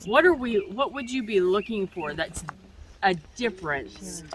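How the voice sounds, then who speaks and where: A woman's voice: mid-range voice, animated, a little slow, a little hiss or hum, rough recording. A woman showing a group how to identify a banded bird, asking questions and restarting her sentences. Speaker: bird bander leading a demo. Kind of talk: teaching a small group outdoors.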